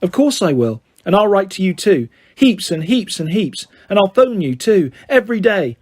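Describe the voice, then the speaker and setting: Man doing a young schoolgirl, high, soft, sad, wistful, storybook voice. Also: sing-song, moderate pace. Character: sad, gentle young schoolgirl, best friend.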